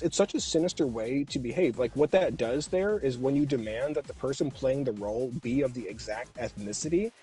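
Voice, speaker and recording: A man's voice: medium pitch, dark tone. A middle-aged man, a voice actor guesting on a podcast, speaks emphatically and with passion in a heated discussion. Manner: emphatic, impassioned.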